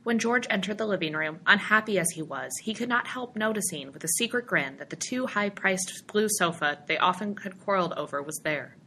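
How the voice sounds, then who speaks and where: A woman narrating a story aloud in a steady, expressive audiobook reading. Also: mid-range voice, fairly quick, few pauses, slight background noise.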